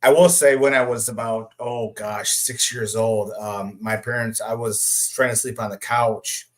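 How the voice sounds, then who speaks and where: A man's voice: medium pitch, fairly even intonation, unhurried. A man in his forties, a guest on a podcast, talking casually and easygoing with frequent laughs and hesitant fillers. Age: 40s. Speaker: guest, comic creator. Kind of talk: casual interview chat.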